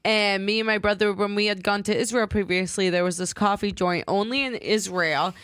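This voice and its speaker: A woman's voice: medium pitch, fairly even intonation, a little fast, fairly bright tone, clean tone, no echo, clean studio sound. A young woman co-hosting a podcast in casual chat, cutting in with questions and quips. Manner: chatty, interjecting with questions and quips. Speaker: podcast co-host.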